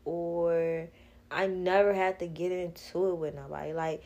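A woman's voice: lowish voice, steady tone, unhurried, a little mellow. Blunt young woman podcast host. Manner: blunt, candid, laughs often, swears freely. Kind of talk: casual solo podcast monologue.

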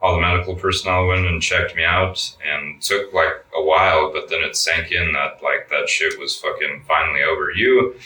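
A man's voice: a bass voice, flat delivery, moderate pace, few pauses, pushed and bright, distant mic. A young man telling a story in a laid-back interview, cursing a lot and saying "like" all the time. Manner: laid-back, swears a lot, says "like" often. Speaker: guest. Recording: roomy sound, mic set back.

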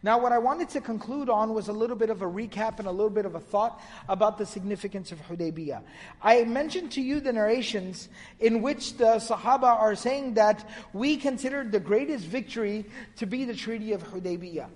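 A man's voice: high-pitched, brisk, a little mellow, long reverb tail. A man giving a religious lecture, retelling narrations in a storytelling manner and quoting Arabic. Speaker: Islamic lecturer.

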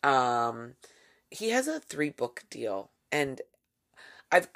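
Low-voiced chatty woman podcaster. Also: sing-song, extremely slow, a bit bright. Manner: chatty, wry, with playful mimicking asides. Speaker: podcast host. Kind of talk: casual monologue.

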